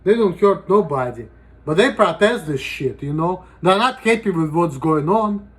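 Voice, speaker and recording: A man's voice: high voice, lively intonation, normal speed, a little hiss or hum. A man talking casually in a rambling, profane vlog monologue, with "you know" in almost every sentence. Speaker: vlogger.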